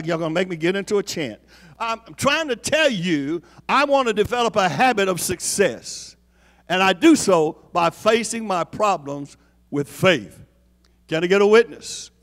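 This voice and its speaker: High-voiced preacher man, booming hall. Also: fairly bright tone. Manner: call-and-response preaching, repeats lines for emphasis. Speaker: apostle preaching. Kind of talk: sermon. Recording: long hall reverb.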